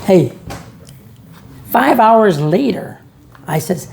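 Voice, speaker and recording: Brief: a gravelly man ranting sarcastically to camera, lots of rise and fall in pitch. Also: animated, moderate pace, mellow. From Georgia, USA. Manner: sarcastic, rhetorical, storytelling. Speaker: vlog host. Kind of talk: ranting monologue.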